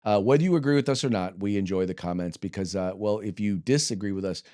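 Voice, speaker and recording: A man's voice: lowish voice, fast talker, darkish tone, no room sound, studio quality. An American man hosting a political commentary show, talking loosely with jokes, fillers and restarts. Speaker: podcast host.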